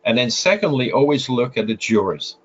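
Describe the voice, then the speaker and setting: A man's voice: mid-range voice, very animated, brisk, a bit bright, slight background noise. French-accented man, muffled audio. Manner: explanatory, frequent filler sounds and restarts. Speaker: guest photographer. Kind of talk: interview advice.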